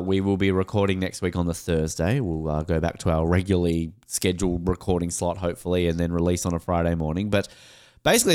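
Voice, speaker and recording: A man from Australia co-hosting a casual soccer podcast, animated and joking, with quick asides. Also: low-pitched, clear, resonant tone. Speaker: podcast co-host. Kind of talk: casual sports podcast chat.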